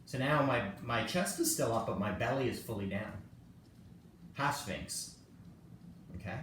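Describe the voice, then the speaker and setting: Unhurried and expressive, a man with a medium-pitched, slightly bright voice leads a casual yoga class on a live stream. He's chatty, pokes fun at himself, and laughs a lot while cueing poses. The mic is distant in an echoey room, with faint noise.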